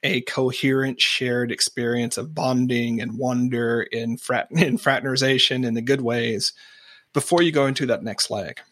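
Animated male podcast host, dry sound. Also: mid-range voice, normal speed, no room sound. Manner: animated, acts out quoted remarks. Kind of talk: conversational podcast interview.

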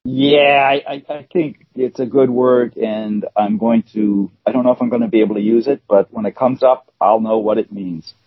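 A man with a mid-pitched, husky voice co-hosts a casual chat. He talks haltingly and restarts his sentences often. The sound is dry and somewhat dull. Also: fairly even intonation, no echo. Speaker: co-host.

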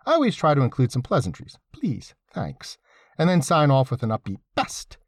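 A man reads a scripted essay in a husky, medium-pitched voice, speaking fast with lively emphasis that rises and falls. He adds wry, sardonic asides. The sound is dry and close, with no room sound at all.

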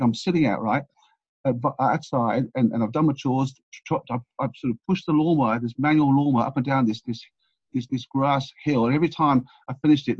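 A man's voice: medium pitch, a little mellow, breathy edge, no echo. A man in his sixties from England, telling rambling anecdotes as an interview guest, with many restarts. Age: 60s. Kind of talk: casual storytelling interview. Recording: dull, dry lo-fi recording.

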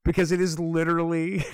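A man's voice: on the high side, level tone, moderate pace, smooth, no room sound, clean studio sound. A man hosting a podcast, rambling in casual chat with many fillers. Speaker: podcast host.

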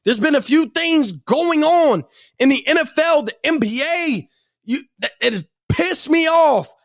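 A man hosting a sports podcast, delivering an angry, profane rant and shouting at times. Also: very high voice, animated, measured pace, no echo, studio quality.

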